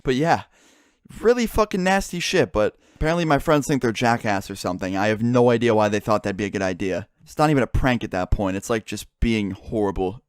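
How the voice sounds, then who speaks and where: A young man casually tells a story, cursing often and acting out what his friends said. His lowish voice is clear and resonant, delivered briskly in a dry, studio-quality recording.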